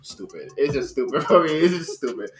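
A man's voice: on the high side, animated, a little fast, roomy sound, music in the background. A man guest on a podcast, laughing through a casual story.

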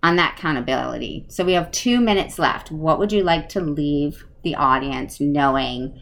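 A woman's voice: deep voice, normal speed, gravelly. A middle-aged woman hosting a podcast interview, effusive and chatty, laughing often. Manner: warm, effusive, animated with laughs. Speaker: podcast host. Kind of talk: casual interview chat.

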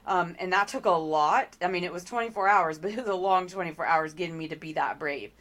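A woman's voice: on the low side, fairly quick, fairly bright tone. A middle-aged woman speaking as an interview guest, telling her story earnestly with frequent ums and restarts.

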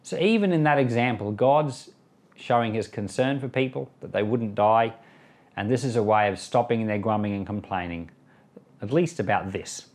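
Male pastor, Bible reading and relaxed commentary, animated pitch, mid-range voice. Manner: conversational, acts out quoted voices.

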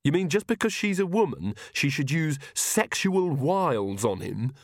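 A man's voice: a little high, sing-song, moderate pace, no echo, studio quality, pitched above the performer's own voice. A man voicing a prim, indignant young witch who speaks in a prissy, exasperated way.

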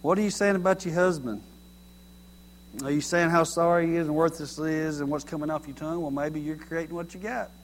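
Animated high-voiced man preaching. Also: fairly quick, slight background noise. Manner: animated, folksy, mocking everyday sayings. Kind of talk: sermon.

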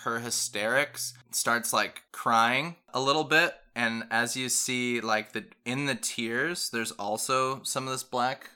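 Guy running a tabletop game, bright voice, chill and rambly. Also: medium pitch, steady tone, takes it slowly, hardly any pauses, smooth. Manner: casual, many fillers, describes scenes. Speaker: game master.

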